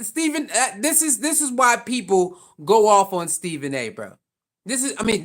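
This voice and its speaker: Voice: mid-range voice, a bit bright. Opinionated sports vlogger asking rhetorical questions. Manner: repetitive, rhetorical questions, casual slang.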